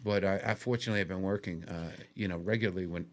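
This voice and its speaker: A man's voice: low-pitched, rapid-fire. A man, a comedian guest telling stories on a podcast and acting out the people he quotes. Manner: animated storyteller, acts out quotes in a raised voice. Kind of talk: casual storytelling on a podcast.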